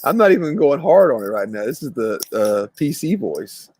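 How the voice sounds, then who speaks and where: A man, co-hosting a casual podcast chat over drinks, talking in a fast, rambling, teasing way. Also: medium pitch, big pitch swings, a little mellow, slightly rough. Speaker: podcast co-host.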